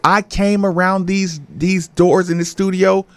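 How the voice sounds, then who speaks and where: Host guy on a sports talk show, teasing, kinda high voice, dry close sound. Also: level tone, measured pace, no room sound. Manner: teasing, prods with questions. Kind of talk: casual sports chat.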